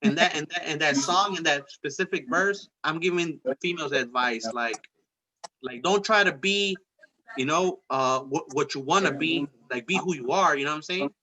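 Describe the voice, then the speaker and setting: A young man hosting a casual chat, telling stories in a profane, animated way. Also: fairly high pitch, normal speed, highs cut off, slight background noise. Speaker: host.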